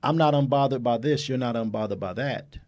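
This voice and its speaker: A man's voice: medium pitch, a little fast, a little mellow. A man co-hosting a casual radio talk show, laying out his point in long, thoughtful sentences. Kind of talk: casual chat.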